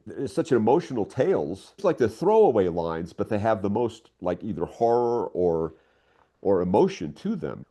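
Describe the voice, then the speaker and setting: An older man, a writer being interviewed, talking casually and telling stories with lots of excitement. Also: fairly low pitch. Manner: animated storyteller, voice leaps up when excited.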